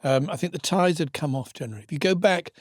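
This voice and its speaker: A man's voice: on the high side, fast talker, no room sound, clean studio sound. An older man, co-hosting a casual podcast chat and laughing often. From England. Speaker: podcast co-host.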